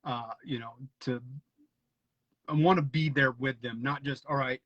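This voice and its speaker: A podcast host in a casual chat speaks at a measured pace in a steady, mid-range voice with a slightly bright tone. He sounds eager and keeps stammering and restarting his sentences. The recording is dry, dull and lo-fi.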